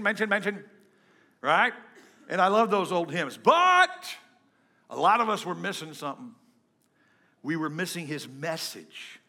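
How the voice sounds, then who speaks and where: A middle-aged pastor preaching a lively sermon to his congregation, breaking into hymns and joking with the crowd. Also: high-pitched. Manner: animated preaching, sings hymns and jokes with the congregation. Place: church before a congregation.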